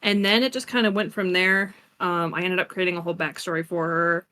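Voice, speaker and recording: A woman guest in a casual chat, telling animated stories and laughing easily. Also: on the low side, a little fast. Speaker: guest roleplayer.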